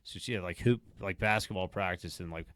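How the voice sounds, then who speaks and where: A man in casual podcast chat, talking quickly and swearing. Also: sits low, fairly bright tone, no room sound.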